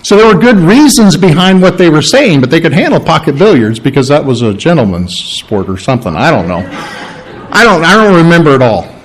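A man's voice: a little high, very animated, a little fast, low-quality recording. A middle-aged man preaching a sermon in a conversational way, stopping to ask his congregation questions. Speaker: pastor.

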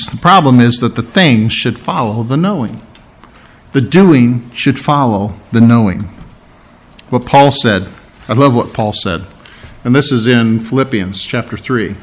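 A man preaching a sermon, acting out scripture scenes, then dropping to a soft, quiet voice for tender lines. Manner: animated, acts out scripture scenes with big pitch swings.

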